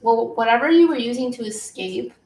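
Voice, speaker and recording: A woman's voice: on the high side, lively intonation, brisk, darkish tone, reverberant, recorded from a distance, rough recording. A woman giving a live tarot reading from home, in a flowing spiritual way of talking. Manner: flowing spiritual talk, stops to scold her pets. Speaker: tarot reader. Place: home room.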